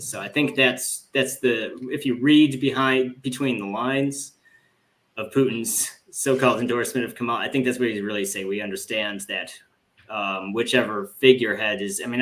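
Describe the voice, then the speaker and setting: Bright-voiced man rambling on a podcast. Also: medium pitch. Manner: rambling, many filler words and restarts. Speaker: podcast host. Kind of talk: casual political discussion.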